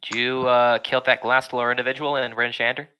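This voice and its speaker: A man's voice: mid-range voice, level tone, brisk, bright, forceful tone, smooth, highs cut off. A man playing a tabletop game in casual chat, hesitant, with many fillers. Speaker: player.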